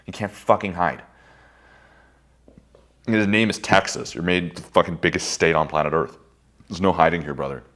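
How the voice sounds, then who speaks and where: A man with a very low voice tells candid personal stories about himself. He is blunt and swears freely. He swings from loud outbursts to quiet, reflective asides. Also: steady tone, moderate pace, pauses often. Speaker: speaker giving a personal-growth monologue. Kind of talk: candid storytelling monologue.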